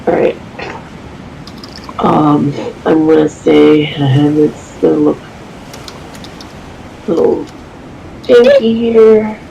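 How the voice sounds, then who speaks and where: A dungeon master chatting casually while setting up a tabletop game over voice chat, halting with ums and laughing often. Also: medium pitch, steady tone, vocal fry, warm tone, highs cut off, a little hiss or hum. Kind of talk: casual setup talk before a tabletop game.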